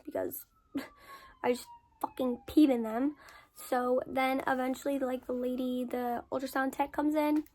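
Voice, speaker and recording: A young woman content creator telling a story in a casual Q&A, candid, swearing freely and repeating words for emphasis. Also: sits high. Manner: lively storyteller with emphatic repetition. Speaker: content creator answering follower questions.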